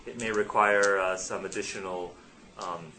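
A man's voice: sits low, fairly even intonation, normal speed, sharp tone. A man running a tabletop game as game master, improvising the scene and laughing between lines.

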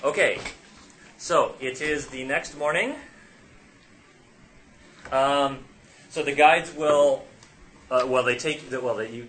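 A man narrates as the game master of a tabletop game, stopping often and correcting himself mid-sentence. His voice is bright and forward at an everyday pitch. A faint hum sits behind him. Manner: halting, with many fillers and self-corrections.

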